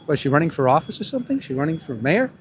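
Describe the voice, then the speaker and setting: Man, street interviewer, slightly high voice, calls out to passersby, outdoors by busy traffic, faint background noise. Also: very animated, rapid-fire. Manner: calling out questions to passersby. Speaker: street interviewer and animal rights activist. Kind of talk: street vox-pop vlog.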